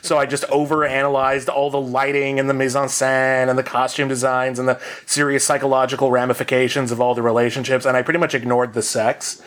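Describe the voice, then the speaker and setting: A man's voice: medium pitch, flat delivery, fairly quick, hardly any pauses, a bit bright. A man co-hosting a podcast, telling a long comic story in a rambling, self-mocking way with many fillers. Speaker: podcast co-host. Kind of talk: casual storytelling.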